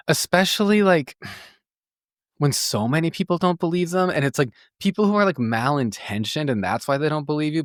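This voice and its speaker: A man's voice: lowish voice, dry recording, studio quality. A man who is a therapist and podcast host, talking candidly and casually, full of fillers and the odd swear word. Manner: chatty, candid, peppered with "like" and swearing. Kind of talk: casual solo podcast talk.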